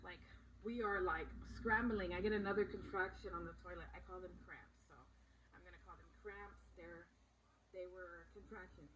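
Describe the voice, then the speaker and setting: A woman's voice: on the low side, fairly even intonation, moderate pace, a crowd in the background, low-quality recording. A young woman vlogger telling a personal story in a rambling, emphatic way, full of fillers.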